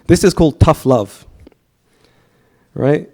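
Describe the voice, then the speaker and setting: A man in his thirties speaks a little fast in a dark, mid-range voice, giving a storytelling sermon at a temple. He stays chatty and poses questions to his listeners.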